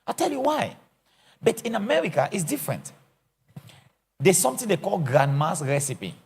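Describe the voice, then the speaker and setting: Animated preacher, gravelly voice. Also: male voice, high-pitched, normal speed. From Africa. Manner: animated, theatrical, acts out scenes and jokes. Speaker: apostle teaching a church session. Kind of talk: lively teaching sermon.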